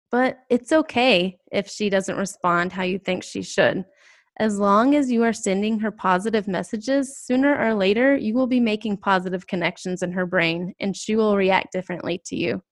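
A woman co-hosting a podcast for teachers, stressing and repeating the key points. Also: mid-range voice. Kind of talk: conversational podcast advice.

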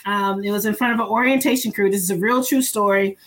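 A woman co-hosting a podcast who tells a self-mocking story in a lively way, acting out the voices of other people. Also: mid-range voice, fast talker, rough recording. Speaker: podcast co-host and speaker. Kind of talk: casual storytelling.

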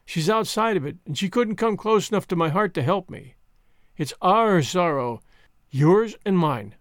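An earnest orphan girl pours out her grief in a high, heartfelt voice, read by a man. She pleads openly and softly. The sound is dry and close. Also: lively intonation, measured pace, no room sound. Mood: sobbing.

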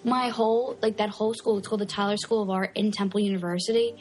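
A woman's voice: mid-range voice, steady tone, quick pace, darkish tone. A young woman in her twenties, an art student co-hosting a podcast, rambling in casual chat with lots of fillers. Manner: rambling, lots of likes, laughing. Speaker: podcast co-host.

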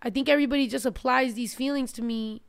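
A woman's voice: high-pitched, steady tone, quick pace, creaky, smooth, no room sound, studio quality. A woman hosting a podcast, ranting in casual, profane chat. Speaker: podcast host.

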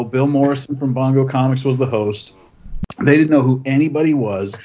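Male guest, relaxed anecdotal chat, dull lo-fi line. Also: medium pitch. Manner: laid-back, joking anecdotes. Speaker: comic creator guest. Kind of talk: casual storytelling chat.

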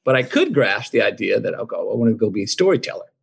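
His voice is fairly low, with big pitch swings, vocal fry and a breathy edge, and he talks fast. This man in his fifties is a guest telling a personal story conversationally, folksy and reflective, performing the lines he quotes.

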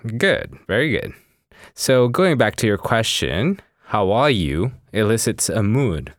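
A man with a very low, deep voice teaching on a language podcast, recorded dry and close. He explains grammar patiently and backs each point with simple examples. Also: big pitch swings, slow pace, dry recording. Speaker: Spanish teacher and podcast co-host.

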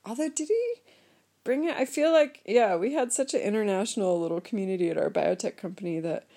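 A woman's voice: mid-range voice, lively intonation, a little fast, dark tone. A woman co-hosting a casual podcast, telling rambling stories with lots of laughter and sing-song voices. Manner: giggly, rambling storyteller with sing-song impressions. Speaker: podcast co-host. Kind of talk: casual chat. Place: remote call recording, heard over a link.

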